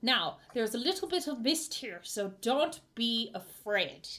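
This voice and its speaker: A woman's voice: fairly high pitch, sing-song, unhurried, a bit bright. A woman voicing a forgetful, eccentric old male guide in a put-on German accent. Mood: brisk. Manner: rambling, forgetful, odd.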